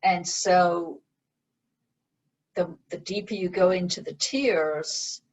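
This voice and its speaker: A woman meditation teacher and author, explaining her practice in a slow, gentle way as an interview guest. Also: lowish voice, poor audio. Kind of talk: interview conversation.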